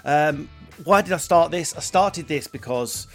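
A man's voice: fairly high pitch, lively intonation, unhurried, faint music behind. A man hosting a podcast, talking in crude, joking banter. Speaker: podcast host. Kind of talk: comic podcast monologue.

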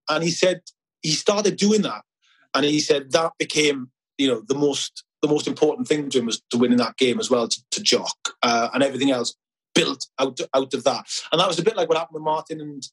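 A man's voice: mid-range voice, a little fast, breathy edge, low-quality recording. A middle-aged man from Wales, a filmmaker guest chatting casually in an interview, telling anecdotes with many restarts.

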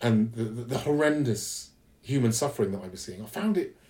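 A man's voice: medium pitch, expressive, warm tone. A man from London with an English accent, a podcast guest talking candidly and reflectively, often restarting his sentences. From London, England. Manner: earnest, reflective, halting with restarts. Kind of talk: candid conversational interview.

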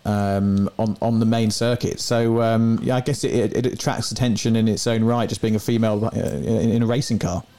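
A man co-hosting a podcast in a relaxed conversational manner, putting questions to his guest. His voice sits on the low side. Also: fairly quick, few pauses. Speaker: podcast co-host. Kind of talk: casual interview chat.

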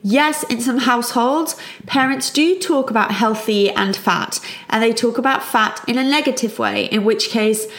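A middle-aged woman, a child psychologist, calmly and reassuringly explaining parenting advice. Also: on the high side, normal speed. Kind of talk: parenting advice talk to camera.

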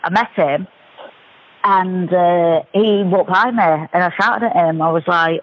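A British woman telling a personal story as a radio guest, chatty and animated, with many restarts. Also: on the low side, measured pace. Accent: British English. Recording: muffled radio broadcast.

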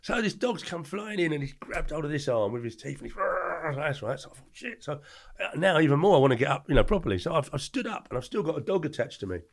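An older Englishman with a gravelly voice tells his story at a quick clip. He talks casually in an interview and switches into the other people's voices as the story goes. He sounds lively and animated throughout. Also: fairly high pitch. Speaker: podcast guest, former doorman.

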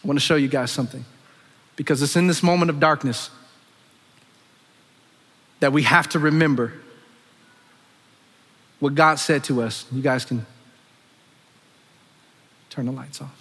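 A man preaching a sermon, swinging between loud impassioned calls and hushed, low asides. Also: unhurried, pauses often, slightly rough. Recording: long echoing reverb of a big hall.

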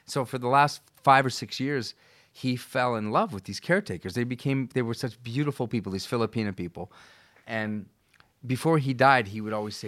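A middle-aged man from Canada, a guest in a candid conversation, speaks in a halting, emotional way with frequent restarts. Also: on the low side, a bit bright, no echo, clean studio sound.

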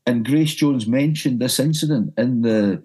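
Glaswegian man telling a lively anecdote. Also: medium pitch, unhurried, slightly rough, faint music behind. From Scotland. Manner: animated, repeats words when excited. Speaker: broadcaster and music journalist guest. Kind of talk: anecdotal storytelling.

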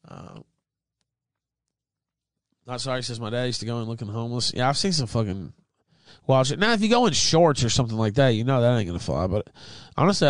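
A young man hosting a podcast, telling stories in a petty, profane, animated way. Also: mid-range voice, no echo. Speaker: podcast host. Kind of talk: casual chat.

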